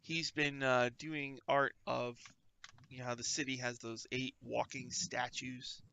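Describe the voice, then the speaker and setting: A man narrating a tabletop game as game master, animated and getting loud when he puts on character lines. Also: mid-range voice, measured pace, vocal fry, clean tone.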